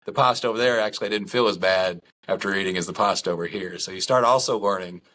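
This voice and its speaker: A middle-aged man, a podcast guest, telling stories in a casual chat, lively, candid and self-deprecating. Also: deep voice, fast.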